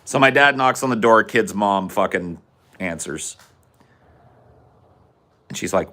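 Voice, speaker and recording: Bright, animated man telling a story. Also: fairly low pitch, unhurried, pauses often. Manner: animated, profane. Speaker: podcast host. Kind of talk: comedic storytelling.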